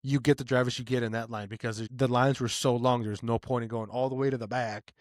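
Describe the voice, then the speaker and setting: Man, podcast co-host, casual, eager storyteller who gets excited and louder, dry close mic. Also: mid-range voice, fairly quick, no echo. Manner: excitable storytelling, voice rises when animated. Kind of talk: casual chat.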